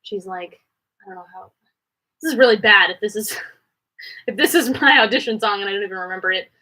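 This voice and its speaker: A woman's voice: pushed and bright, low-quality recording. A woman from Canada hosting a live question-and-answer stream from a home studio, chatting casually and rambling from one thought to the next. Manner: chatty and rambling, quick jumps in pitch. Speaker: livestream host answering viewer questions. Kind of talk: casual chat.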